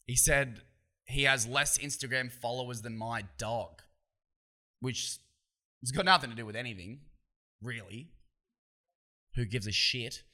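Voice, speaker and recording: An Australian man holds forth on his own podcast, swearing freely and circling back on himself as he talks. His voice is bright and forceful, with a tense edge. The talk is loose and opinionated, full of restarts. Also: on the low side. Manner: profane, opinionated, rambling with restarts. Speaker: podcast host. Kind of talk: casual solo podcast rant.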